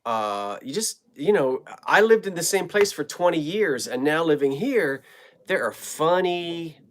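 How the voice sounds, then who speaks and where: Middle-aged live-stream host, unhurried and rambling, greets viewers one by one from a home basement, trails off mid-sentence. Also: mid-range voice, big pitch swings.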